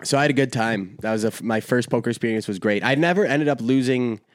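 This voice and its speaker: A young man hosting a podcast, telling a rambling, profane, animated story in casual chat. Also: medium pitch, fast talker, no room sound, studio quality. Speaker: podcast host.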